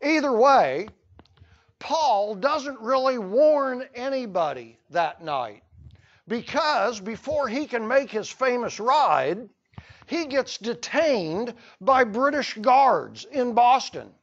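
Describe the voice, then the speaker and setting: A man's voice: very high-pitched, very animated, slow pace, muffled recording. A man teaching a history lesson to a class, telling the story with playful asides. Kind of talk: classroom lecture.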